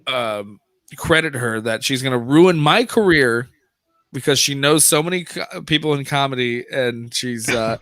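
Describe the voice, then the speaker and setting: Male podcast host, bright tense tone, dry close sound, loose profane storyteller. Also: medium pitch, measured pace, no echo. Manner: rambling storyteller, swears, restarts often. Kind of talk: casual chat.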